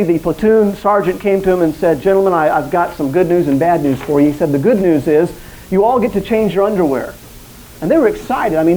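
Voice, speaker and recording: A man's voice: high voice, a little mellow, slight background noise, poor audio. A man preaching an evening sermon, speaking earnestly and directly to his listeners and acting out quoted lines.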